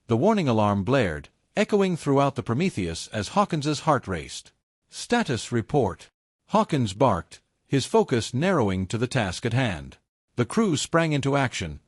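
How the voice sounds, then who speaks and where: A man's voice: medium pitch, no echo, studio quality. Man narrating a sci-fi audiobook. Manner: dramatic, measured storytelling.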